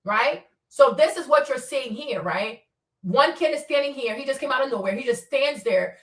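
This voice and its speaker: A woman's voice: sits high, lively intonation, normal speed, fairly bright tone, roomy sound, distant mic. A woman streamer commenting on footage in a casual, insistent way, repeating herself as she points out details step by step.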